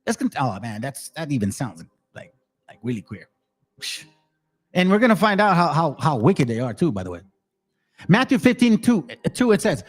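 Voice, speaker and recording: Give me an excitable man with a high voice, teaching scripture in a slangy, casual way. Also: normal speed. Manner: excitable, repeats words, slangy, calls listeners family. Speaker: bible teacher. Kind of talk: casual scripture study talk.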